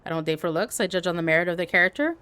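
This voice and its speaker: A woman livestreamer telling stories in casual chat, animated and peppered with "like". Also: fairly low pitch, rapid-fire, smooth. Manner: animated, heavy use of "like".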